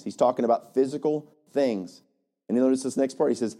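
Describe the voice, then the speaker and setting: A male pastor preaching a lively, conversational sermon, often checking in with "right?". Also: mid-range voice, quick pace. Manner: animated, conversational, frequent "right?".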